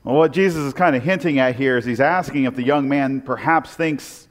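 A man preaching a sermon in a relaxed, conversational and thoughtful way. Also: mid-range voice, fairly quick. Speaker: pastor. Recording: echoey hall.

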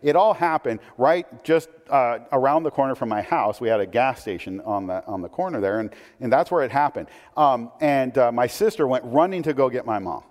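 A man preaching a sermon in a conversational, animated way, with asides and questions to the listeners. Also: mid-range voice, a little fast, few pauses. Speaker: pastor. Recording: long hall reverb.

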